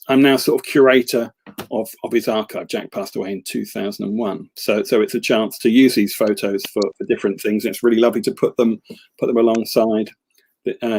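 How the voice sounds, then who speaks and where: A man's voice: fairly low pitch, steady tone, a little fast, a little mellow, breathy edge. Chatty man with restarts and tag questions. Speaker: host and poet. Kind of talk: casual live-stream chat.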